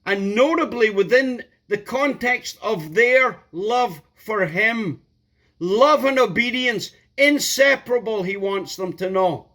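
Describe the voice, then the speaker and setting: High-voiced, slow preacher. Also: male voice, expressive. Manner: emphatic, repeats key words, builds to loud outbursts. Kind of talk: sermon.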